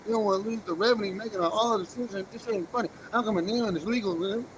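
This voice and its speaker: Fast, high-voiced man ranting in freestyle. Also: background noise. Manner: agitated, profane, defiant, half-rapped rambling. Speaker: livestreamer. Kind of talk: freestyle rap and rant on a livestream.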